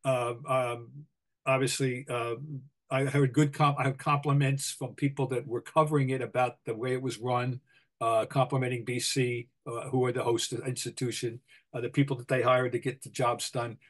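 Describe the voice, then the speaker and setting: An older man with a Boston accent, co-hosting a sports podcast, opinionated and full of halting restarts. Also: mid-range voice, level tone. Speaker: podcast co-host, basketball writer. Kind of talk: casual sports talk.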